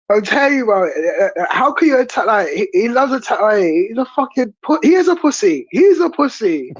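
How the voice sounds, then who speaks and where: A woman's voice: fairly high pitch, breathy edge, no room sound, lo-fi sound. A woman hosting a stream, reacting in casual chat in a blunt, incredulous, swearing manner. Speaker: stream host.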